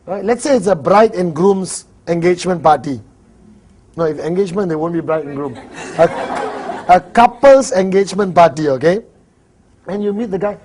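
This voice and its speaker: High-voiced Malaysian man teaching a seminar. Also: moderate pace, a little hiss or hum. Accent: Malaysian English. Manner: animated, jokey, acts out little dialogues. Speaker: network marketing trainer. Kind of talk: live seminar talk.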